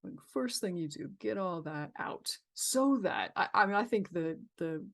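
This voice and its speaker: A woman's voice: on the low side, animated, moderate pace, gravelly, a bit bright. A woman guest on a podcast, talking casually and reflectively about creativity, with frequent fillers and restarts. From San Diego, California. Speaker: therapist guest.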